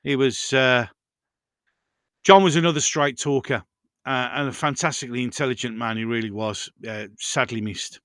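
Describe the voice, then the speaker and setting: A man's voice: mid-range voice, steady tone, normal speed, fairly bright tone, no room sound, clean studio sound. A man hosting a casual live stream, rambling through viewer comments and chatting to his pets.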